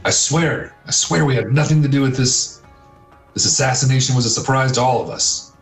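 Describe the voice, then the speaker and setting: A man's voice: mid-range voice, fairly quick, echoey room, faint music behind, voice pushed up, natural voice, rough recording. A man voicing a frightened male human go-between who pleads frantically in a tabletop game. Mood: panicked.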